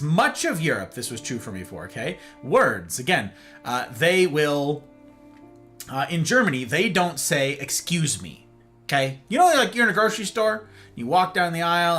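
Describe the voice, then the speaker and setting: An American man hosting a livestream monologue, talking in an animated way and often checking in with "right?" and "okay?". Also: on the high side. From United States. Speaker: host.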